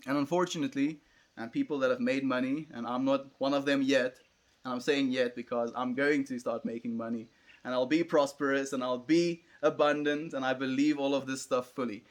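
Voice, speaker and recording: A man's voice: mid-range voice, fairly quick. South african man chatting on a livestream. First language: Afrikaans. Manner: relaxed, musing, chatty. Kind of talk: casual livestream chat, reading and answering viewer comments.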